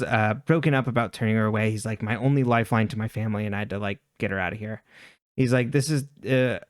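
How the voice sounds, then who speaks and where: A man's voice: medium pitch, no echo, studio quality. A man co-hosting a podcast, casually recapping a TV episode with offhand asides and chuckles. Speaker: podcast co-host.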